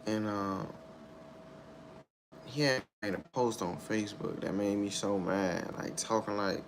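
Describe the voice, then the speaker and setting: A young man giving a candid personal account in a halting, repetitive, subdued way, circling back over his words. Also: lowish voice, steady tone, gravelly, noisy background. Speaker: storyteller sharing a personal loss.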